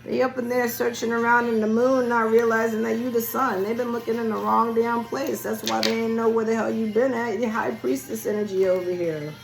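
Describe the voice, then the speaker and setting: A woman's voice: on the high side, fairly even intonation, brisk, vocal fry, few pauses, low-quality recording. A woman giving a casual spiritual card reading, chatty and loose with her words, talking straight to the listener and losing her voice. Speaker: tarot reader. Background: music playing.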